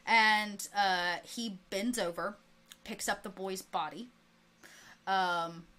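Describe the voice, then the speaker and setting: A woman game master narrating a tabletop role-playing game at a mid pitch. She talks in a loose, chatty way, full of asides and restarts, and moves quickly between description and rules. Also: fairly even intonation, pushed and bright.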